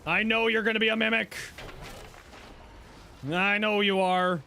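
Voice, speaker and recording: A man streaming a video game live, chatting casually and reacting out loud, exclaiming and talking to himself as he plays. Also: high-pitched, a little slow, faint music behind. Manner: animated, exclaiming and talking to himself while playing. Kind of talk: casual live gameplay commentary.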